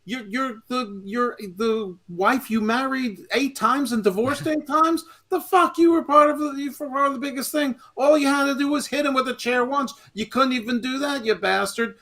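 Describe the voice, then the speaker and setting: A man putting on the voice of an enraged, betrayed male wrestler who is berating a traitor in a high, strained rant. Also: normal speed, few pauses, sharp tone, exaggerated voice. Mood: furious.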